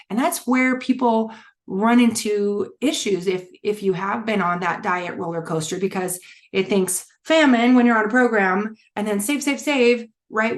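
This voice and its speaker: A middle-aged woman coaching a wellness challenge, talking candidly and casually with many fillers and restarts. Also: mid-range voice. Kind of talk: casual teaching talk.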